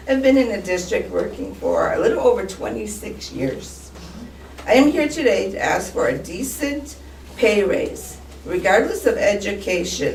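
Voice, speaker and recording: A woman's voice: medium pitch, creaky, a little mellow, reverberant, far from the mic, slight background noise, low-quality recording. A woman paraprofessional giving a firm, earnest prepared statement at a school board meeting. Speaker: paraprofessional speaking in public comment. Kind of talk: prepared public comment.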